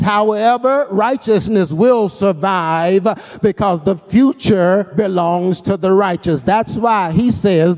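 A man preaches in a high, ringing voice. He takes his time, stretching key words and calling on the congregation to shout back, and sometimes lifts his phrases into a sung cadence. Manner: preaching with call-and-response, slowing words for emphasis, breaking into sung tones. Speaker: pastor. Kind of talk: sermon.

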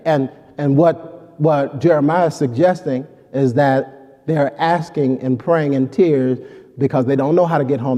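A man's voice: medium pitch, a little slow, warm tone. A male pastor preaching a sermon, with repeated call-outs to the congregation and rhetorical questions. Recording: long hall reverb.

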